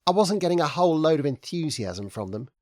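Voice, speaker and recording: A man voicing a frank young woman who is sceptical and teasing, speaking briskly in a raised voice. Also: sits low, sing-song, a little mellow, no echo, studio quality, voice pushed up. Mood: wry. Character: wry, frank young British woman, Ben's partner.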